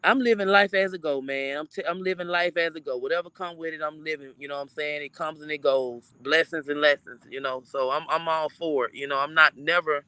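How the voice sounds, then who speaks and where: A man with a high, bright voice co-hosts a loose late-night style chat. He is blunt and laughs often. The sound is dry and close. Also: fairly even intonation, a little fast, few pauses, smooth, dry recording. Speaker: talk show co-host. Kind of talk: casual chat. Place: in Florida.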